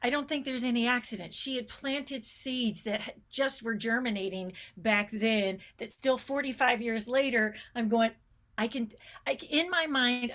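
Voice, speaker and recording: A woman's voice: on the high side, fairly bright tone. Enthusiastic middle-aged woman giving a keynote. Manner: enthusiastic, storytelling, shifts pace often. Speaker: keynote speaker, space educator. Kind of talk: conference keynote speech. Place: conference stage.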